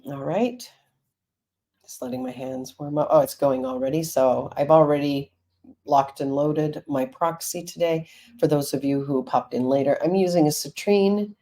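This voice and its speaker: A woman's voice: deep voice, normal speed, dark tone. A woman, a counselor and Reiki teacher, talking frankly and reassuringly to viewers in a live stream.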